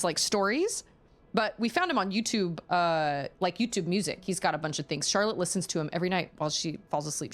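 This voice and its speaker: Chatty woman streamer telling a story. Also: fairly low pitch. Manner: animated, rambling storyteller. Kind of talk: casual chat while gaming.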